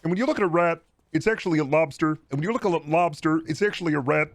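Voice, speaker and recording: A man impersonating a pompous lecturer who rambles nonsense in a rapid lecturing manner. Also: a little high, no room sound, lightly acted.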